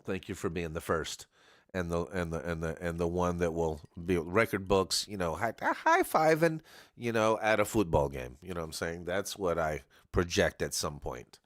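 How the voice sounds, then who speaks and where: Greeting viewers on his live karaoke stream, a low-pitched man chats in a rambling, joking way, talking directly to his audience. His intonation is lively and his pace moderate, with echo-free studio sound.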